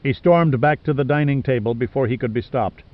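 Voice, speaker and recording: A man's voice: medium pitch, a little fast, dull audio. Man narrating an audiobook. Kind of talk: scripted narration.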